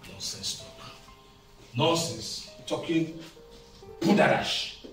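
A man plays a spoiled, blustering young rich boy with a bright voice that swings wildly in pitch and drags out his words. He sounds far off in an echoey room, with music underneath. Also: expressive, takes it slowly. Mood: scornful. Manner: blustering, insulting, shouting. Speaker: boyfriend.

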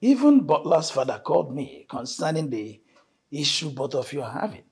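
An actor playing a wealthy, authoritative head of house who speaks in a measured way, with a raspy voice. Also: male voice, on the high side, very animated, darkish tone, heavily acted.

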